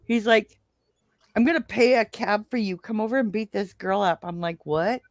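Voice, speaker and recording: A woman's voice: mid-range voice, moderate pace, no echo, clean studio sound. A woman in her fifties talking in an emphatic, profane way in a casual chat, often laughing. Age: 50s.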